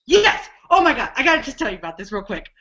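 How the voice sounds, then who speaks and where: A woman co-hosting a casual live video chat, telling stories with lots of swearing and excited outbursts. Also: on the high side, quick pace, dull audio. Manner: animated, swears a lot, excitable storyteller. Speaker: co-host.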